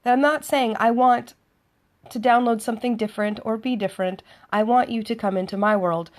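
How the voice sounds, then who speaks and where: Her voice is a little high, steady in tone, and a little fast as this vlogger recounts a date. The delivery is sardonic and chatty, and she performs both parties' lines.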